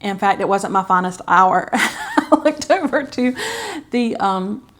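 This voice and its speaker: A woman's voice: medium pitch, animated, slow pace. Chatty middle-aged woman. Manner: chatty and heartfelt, with frequent fillers and soft laughs. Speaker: caregiver vlogger. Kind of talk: candid personal vlog talk.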